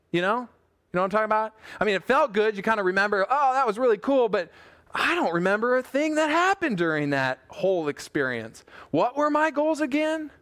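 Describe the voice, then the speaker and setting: A man's voice: high-pitched, a bit bright. A man preaching a casual online sermon as pastor, chatty and joking with self-deprecating asides. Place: church room with a small team.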